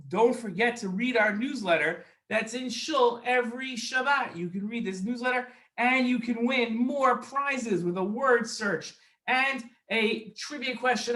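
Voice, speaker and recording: A man hosting a children's show, running a quiz game in an upbeat way with drawn-out emphasis. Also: very high voice, sharp tone. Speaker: kids' show host.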